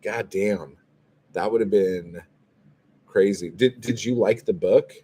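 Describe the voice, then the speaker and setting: Slow and mellow with a breathy edge, this fairly low-pitched man chats on his casual livestream, going through viewer comments and recounting a story with exasperation and plenty of profanity.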